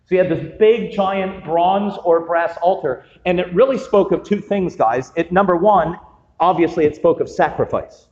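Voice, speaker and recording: A man pastor delivers a sermon in a casual, humorous style, drifting into jokey asides before returning to scripture. His voice sits a little high. The sound is muffled and rings with the long reverb of a large hall. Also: moderate pace, a little mellow. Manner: humorous, conversational preaching with asides. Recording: dull, echoey hall sound.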